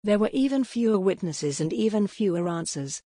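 A woman narrating a historical romance audiobook in a steady, even reading manner with a husky voice. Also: mid-range voice, normal speed, no room sound, studio quality.

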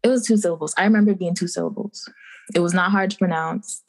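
A young woman from the Bahamas, a podcast guest, chatting casually and telling animated stories with acted-out quotes and frequent laughter. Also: fairly low pitch, quick pace. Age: young adult. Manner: animated storytelling, acting out quotes, laughing often. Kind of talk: casual interview chat.

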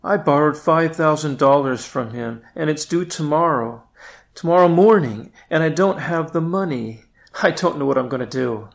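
A man's voice: fairly high pitch, normal speed, vocal fry. A priest voicing a fretful husband who cannot sleep over a loan he cannot repay. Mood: anxious. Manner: fretful, worried. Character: anxious middle-aged husband in debt.

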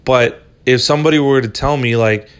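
A man's voice: medium pitch, brisk, clean tone. Dude rambling on his podcast into a phone, swears constantly, super laid back. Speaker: podcast host. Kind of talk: solo casual podcast rant.

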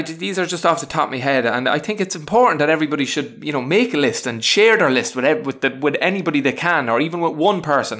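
A man's voice: a little high, a bit bright. Rambling man sharing everyday advice. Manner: rambling, many restarts and fillers; frank, chatty, self-deprecating. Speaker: teacher sharing self-help tips. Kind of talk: casual spoken advice monologue.

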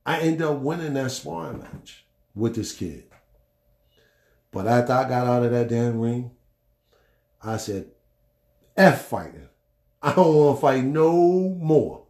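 A middle-aged man hosting a podcast, telling a story in a blunt, animated way, acting out the quotes and swearing freely. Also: medium pitch, creaky, echoey room. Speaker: podcast host. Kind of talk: casual storytelling monologue.

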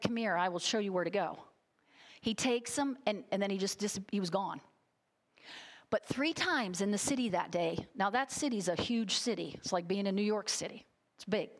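Emotional woman preaching a sermon. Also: mid-range voice. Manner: storytelling, emphatic, gets emotional.

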